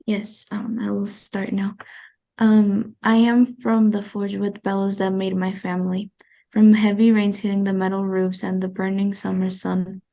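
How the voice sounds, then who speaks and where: A woman's voice: mid-range voice, little pitch movement, vocal fry, dark tone. Woman from Mexico reciting poetry. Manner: measured recitation, switching between English and Spanish. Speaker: student guest. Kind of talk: poetry reading.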